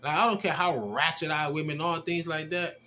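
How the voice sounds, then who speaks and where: A man casually telling a personal testimony, animated and slangy, with rough language as he acts out the exchanges he describes. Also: on the high side, fairly quick, slight background noise. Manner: animated, slangy and profane, acting out quoted exchanges. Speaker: storyteller giving a personal testimony.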